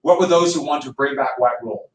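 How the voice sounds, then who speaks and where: A man's voice: on the high side, fast. A male history teacher lecturing a class in a chatty, teasing way. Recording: echoey classroom from far off, faint noise.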